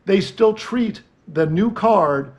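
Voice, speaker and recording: A man's voice: sits high, lively intonation, slow pace. A man co-hosting a casual chat, telling a story and acting out both sides of his phone calls. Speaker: podcast co-host.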